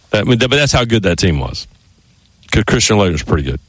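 A man's voice: fairly low pitch, big pitch swings, moderate pace, husky, dry recording. A man hosting sports talk radio in a studio, a rambling storyteller who keeps restarting his sentences.

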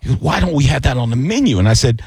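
A man's voice: mid-range voice, very animated, racing, vocal fry, a little mellow, breathy edge, no room sound. A man chatting casually as a co-host, telling a long story at an easy pace with lots of fillers and restarts. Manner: laid-back storyteller, many fillers and restarts. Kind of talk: casual chat.

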